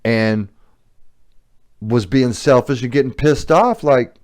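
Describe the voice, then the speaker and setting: Here the same kind of speaker, a middle-aged man hosting a podcast, has a fairly low pitch and a moderate pace. His personal story comes out frank, profane and confessional.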